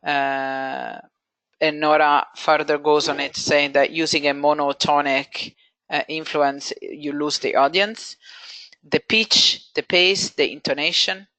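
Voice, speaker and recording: A man moderating a webinar, reading out audience chat comments in a brisk, matter-of-fact way. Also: a little high, fairly even intonation, bright, forceful tone, no room sound, rough recording.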